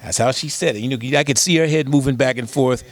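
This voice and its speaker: Speaking quickly in a mid-range voice, an interview guest who specializes in disaster preparedness tells emphatic stories and poses rhetorical questions in casual conversation.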